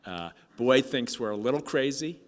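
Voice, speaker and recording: A man giving a heartfelt speech at a conference, telling a story with halting restarts and fillers, his voice sometimes dropping soft with emotion. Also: medium pitch, animated. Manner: moved, voice dropping soft at times. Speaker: keynote speaker. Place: conference hall. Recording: hall reverb from a stage speech.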